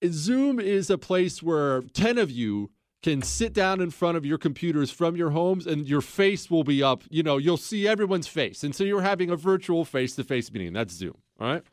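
A man's voice: on the high side, very animated, moderate pace, hardly any pauses, dry recording, studio quality. A man hosting a talk show, rambling in a casual, sarcastic way and breaking into laughter. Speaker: radio talk show host. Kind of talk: casual talk radio monologue.

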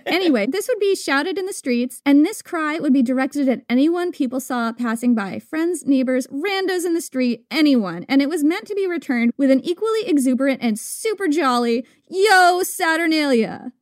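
A woman's voice: high voice, expressive, moderate pace, hardly any pauses, darkish tone, no room sound, studio quality. A woman co-hosting a casual history podcast, talking in a chatty, irreverent way. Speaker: podcast co-host.

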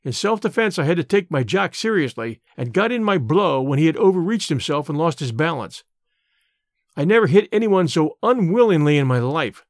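A man reading a story aloud in a measured, storytelling audiobook manner. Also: a little high, lively intonation, no room sound, clean studio sound. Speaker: narrator. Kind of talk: audiobook narration.

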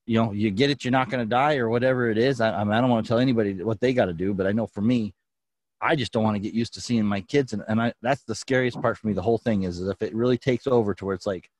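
A man's voice: fairly low pitch, very fast, darkish tone. A man hosting a podcast in casual chat, rambling, restarting his sentences and laughing often. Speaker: podcast host.

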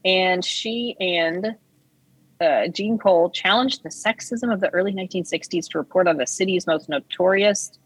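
A woman's voice: fairly low pitch, moderate pace, slightly rough, dry recording, rough recording. A woman co-hosting a podcast in casual chat, chatty and rambling with gushing asides. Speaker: podcast co-host.

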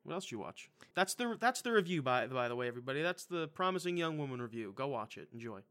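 A man's voice: mid-range voice, very animated, quick pace, a bit bright. A man co-hosting a casual movie review chat, blunt, profane and enthusiastic. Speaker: podcast co-host reviewing movies.

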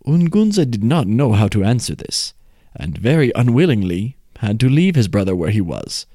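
A man reading a folk tale aloud in a measured, expressive way. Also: medium pitch, no room sound, clean studio sound. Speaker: storyteller.

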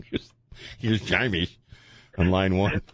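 A man's voice: low voice, breathy edge, no room sound. A man hosting a call-in radio talk show, loose and jokey, laughing often as he talks. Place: radio studio.

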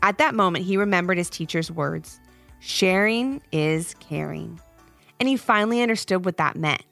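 A woman narrating a children's story podcast in an expressive read-aloud manner. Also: lowish voice, fast talker, gravelly, soft background music.

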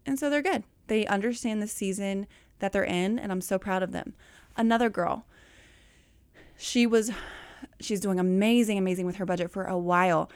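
A woman, coaching listeners on budgeting in casual, animated chat and calling them y'all. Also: mid-range voice, normal speed, clear, resonant tone, no echo. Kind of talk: casual talk.

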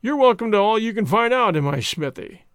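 A man voicing a surly, menacing male innkeeper and blacksmith who talks in a gruff, hostile, blunt way in a storybook reading. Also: high voice, expressive, a little fast, fairly bright tone, dry recording, studio quality, voice pushed up.

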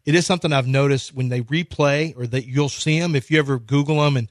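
A man co-hosting a sports radio show in casual banter, playful and quick to do silly impressions. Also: mid-range voice, no room sound, clean studio sound.

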